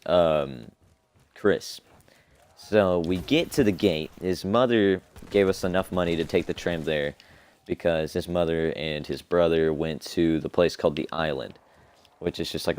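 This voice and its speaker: A young man with a deep, low voice talks through a long personal story. He is casual and profane and rambles between details. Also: darkish tone, smooth. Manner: rambling, profane, laid-back. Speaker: streamer. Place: home streaming setup.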